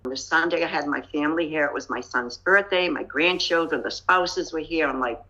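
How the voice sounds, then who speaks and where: A woman's voice: low-pitched, a little fast, pushed and bright. An older woman earnestly recounting a painful experience in an interview, rueful and matter-of-fact. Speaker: scam victim telling her story. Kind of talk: TV interview storytelling. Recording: dull lo-fi clip audio.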